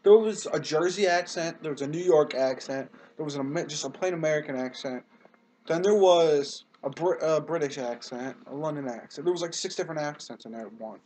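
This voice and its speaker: A man with a slightly high voice, chatting casually as co-host of a review. He gives his opinions in a plain, matter-of-fact way, with a faint hiss of noise in the recording. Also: a little fast, a little mellow. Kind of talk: casual chat.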